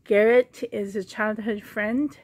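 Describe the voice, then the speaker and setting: Soft-spoken woman, slow and pausing. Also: medium pitch, steady tone, no room sound. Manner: gentle, pausing often, fond and chatty. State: slightly hoarse, frog in throat. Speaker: doll collector vlogger. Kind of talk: casual show-and-tell vlog. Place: at home.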